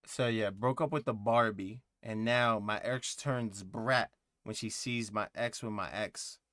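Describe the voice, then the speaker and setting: A man's voice: lowish voice, measured pace, fairly bright tone. A man hosting a music reaction video, thinking aloud in a rambling, casual way with lots of fillers and asides.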